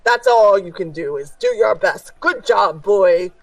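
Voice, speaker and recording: A woman's voice: mid-range voice, animated, measured pace, no echo, far from the mic, low-quality recording. A woman doing a flustered, gushing ringmaster. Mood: flustered announcing. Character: fussy male circus ringmaster announcer.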